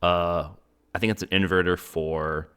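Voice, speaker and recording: A man's voice: low voice, level tone, a little slow, a bit bright, clear, resonant tone. A young man interviewing a guest in a casual chat, rambling with many "um"s and "you know"s. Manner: rambling, many fillers and restarts. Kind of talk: casual conversation.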